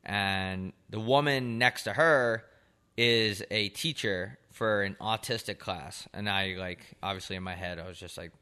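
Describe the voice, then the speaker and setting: A man's voice: fairly low pitch, unhurried, clean tone. A young man co-hosting a podcast, telling rambling, profane stories in casual chat. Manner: rambling, profane, animated storytelling. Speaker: podcast co-host.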